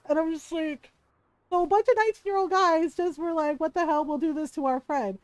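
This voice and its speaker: A woman game streamer with a very high voice speaks at a normal speed, with no echo. She tells a story in a casual, animated way, laughing often and performing the voices of the people she quotes.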